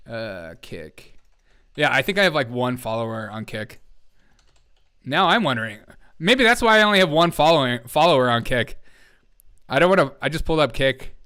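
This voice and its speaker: Guy hosting a comedy news stream, smooth clear voice, sarcastic, keeps cracking up at clips. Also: mid-range voice, sing-song, moderate pace, sharp tone. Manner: sarcastic, laughing often, talking to chat. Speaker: host of a live comedy news show. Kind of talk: casual mocking commentary over clips.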